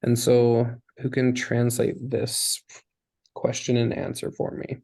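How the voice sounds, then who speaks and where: A man's voice: mid-range voice, completely flat delivery, slow, gravelly, darkish tone, breathy edge, poor audio. A man teaching a Hebrew lesson, explaining patiently step by step. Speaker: language teacher.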